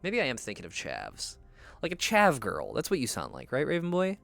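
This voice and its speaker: A man's voice: medium pitch, huge pitch swings, brisk, gravelly, fairly bright tone, no room sound, faint music behind. A young man chatting casually as a streamer while he plays a game, rambling and swearing freely. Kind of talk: casual gameplay commentary.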